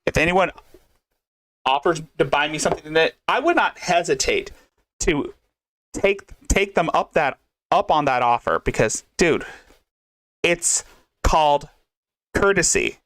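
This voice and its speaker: A man's voice: a little high, sing-song, a little slow, long pauses, fairly bright tone. A man hosting a casual commentary podcast, rambling and swearing loosely. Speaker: host.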